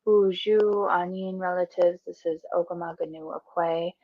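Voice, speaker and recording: A woman presenting a radio news segment in a calm, earnest way, with frequent ums and uhs. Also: fairly low pitch, a little slow, dry recording. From northern Minnesota, USA. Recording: dull, lo-fi and dry.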